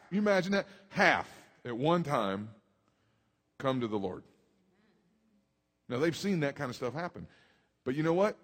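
A man, preaching a sermon emphatically, dropping low and rising loud. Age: 40s. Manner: emphatic preacher, swings between hushed and loud. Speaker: pastor. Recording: long hall reverb.

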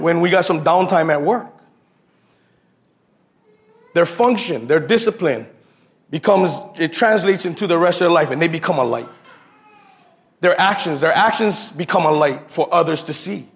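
A man delivers an easygoing sermon in a slightly high, gravelly voice. He speaks in loose, slangy sentences, often repeats himself, and keeps calling the listeners "bro.". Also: normal speed, long pauses. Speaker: lay preacher. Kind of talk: informal sermon with personal stories.

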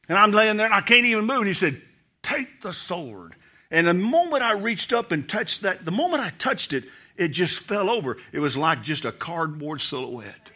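A man's voice: high-pitched, pushed and bright. A man preaching a sermon as pastor, telling stories and acting out voices in the quotes. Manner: storytelling preacher, acts out quotes, laughs.

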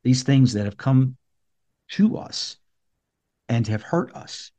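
Mellow-voiced man in his sixties. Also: medium pitch, animated, slow, dry recording. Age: 60s. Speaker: healing coach. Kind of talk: reflective personal storytelling monologue.

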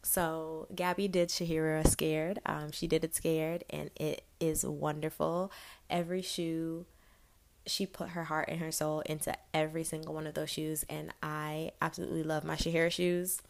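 Young woman gushing casually to camera, lots of likes and ums, lowish voice. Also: little pitch movement, moderate pace, creaky. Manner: chatty, enthusiastic, many "um" and "like" fillers. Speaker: vlogger promoting small businesses.

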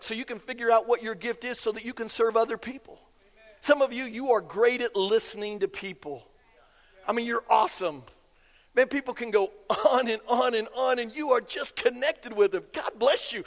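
A man preaching a sermon as pastor, folksy and emphatic, repeating key lines for effect. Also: very high voice. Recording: long reverb of a big hall.

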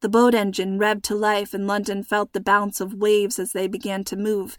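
A woman's voice: mid-range voice, flat delivery, no echo, studio quality. Woman narrating a suspenseful storybook. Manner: measured, suspenseful reading.

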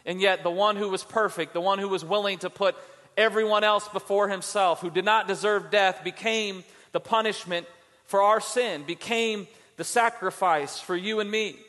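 A male pastor delivering a sermon, impassioned at times and dropping low and soft for emphasis. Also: normal speed. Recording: church hall with long reverb.

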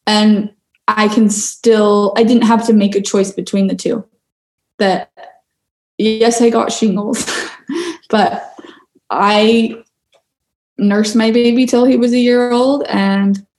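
Slow-talking woman telling her story. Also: mid-range voice, darkish tone, reverberant. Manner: earnest, reflective, with frequent fillers. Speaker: interview guest. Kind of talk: personal storytelling in conversation.

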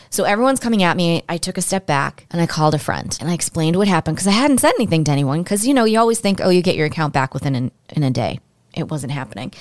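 Podcast host, woman, lowish voice, dry close sound, candid and emotional storytelling. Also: no echo. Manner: candid, emotional, chatty with listeners. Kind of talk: personal storytelling monologue.

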